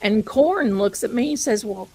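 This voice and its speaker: A woman's voice: mid-range voice, measured pace, husky, low-quality recording. Chatty woman telling ghost stories live. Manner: chatty, calls viewers "my darling". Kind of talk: casual live-stream storytelling.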